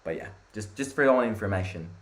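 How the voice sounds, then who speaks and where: A young Italian man hosting a live football watchalong, chatting with viewers and reacting loudly to the play. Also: on the low side, expressive, fast. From Italy. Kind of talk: live match watchalong commentary.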